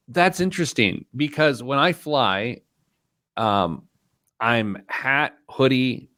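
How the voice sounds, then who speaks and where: A male radio host bantering with his co-host in a loose, self-deprecating way. His voice sits at an ordinary pitch for a man, and the studio sound is close and dry, with hardly any room around it. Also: expressive, takes it slowly, sharp tone, no echo. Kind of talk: casual chat.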